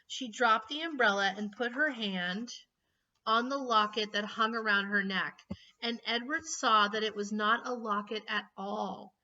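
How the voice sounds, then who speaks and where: A woman reading a children's book aloud in an expressive, emotional way. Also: mid-range voice, unhurried. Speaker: reader. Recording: slightly distant, dull lo-fi mic.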